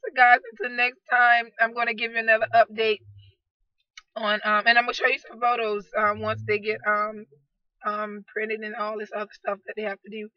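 A woman vlogger talks straight into her laptop in a hoarse voice that is half gone. Her delivery stays flat in pitch but effusive in tone, and she keeps calling out to her viewers. The sound is dull and lo-fi, from a dry, close built-in mic. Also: normal speed, no echo. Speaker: vlogger, aspiring model. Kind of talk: casual video diary.

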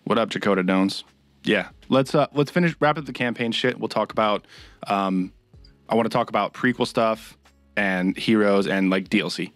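A man's voice: lowish voice, normal speed, a bit bright, no room sound. A young man co-hosting a casual podcast, ranting and swearing in frustration. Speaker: podcast co-host.

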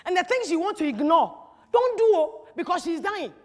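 High-voiced woman preaching in a hall. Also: a little fast. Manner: animated, teasing, rhetorical questions. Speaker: speaker at a church teaching. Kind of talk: lively sermon-style talk to an audience.

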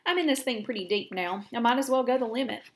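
A woman's voice: on the high side, fast talker, natural voice. A woman voicing a patient, wise female spider while reading a storybook aloud to children. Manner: patient, gently commanding. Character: calm, wise, kindly female barn spider.

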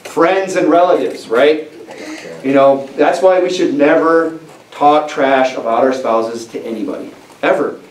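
A male pastor preaches a sermon in a church sanctuary, emphatic and conversational, frequently restarting his sentences. His fairly high voice moves at a measured pace. The recording is echoey, captured from a distance, with faint hiss.

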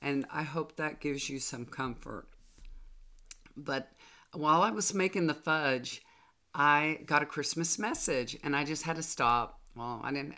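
A hoarse older woman with a drawl talks casually to her followers. She rambles in a folksy way, full of fillers and restarts. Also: a bass voice, pushed and bright. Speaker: tarot reader. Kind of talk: casual chat to viewers.

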